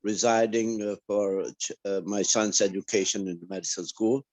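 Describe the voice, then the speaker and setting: A man in a class on a video call, telling a personal story in a halting way with restarts. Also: lowish voice, steady tone, darkish tone. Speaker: class participant.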